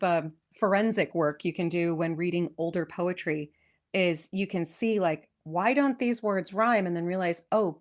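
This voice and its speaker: A woman with a West Coast American accent hosting a podcast. She reads an old poem aloud, then chats about its history in a lively, enthusiastic way with frequent restarts. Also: fairly low pitch. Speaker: podcast host. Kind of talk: poetry reading and casual history chat. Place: lives in England.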